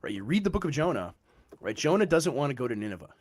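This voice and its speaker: A man's voice: medium pitch, big pitch swings, quick pace. A man in a casual theological discussion, explaining passages and often checking in with "right?".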